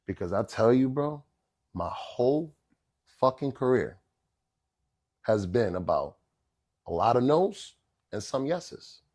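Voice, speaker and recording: A middle-aged man with a fairly low voice chats as a guest on a podcast. He is animated and street-casual, telling stories at length and often turning to his listener for agreement. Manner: animated, street-casual, keeps saying "bro" and "right?". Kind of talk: casual storytelling chat.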